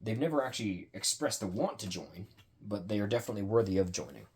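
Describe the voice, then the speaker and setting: A man voicing a calm, self-assured male gladiator leader in a fan story, explaining things steadily. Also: on the low side, fast.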